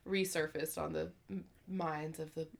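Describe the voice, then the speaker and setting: A woman's voice: low-pitched, fairly even intonation, moderate pace, gravelly. A woman co-hosting a podcast, casually talking through a TV episode, hesitant with lots of ums. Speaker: podcast co-host. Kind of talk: casual chat recapping a TV episode.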